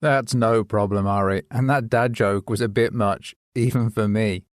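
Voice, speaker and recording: A man's voice: lowish voice, steady tone, moderate pace, no room sound, studio quality. A man who hosts a poetry podcast, chatting as a guest in an upbeat, friendly way. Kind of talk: scripted podcast chat.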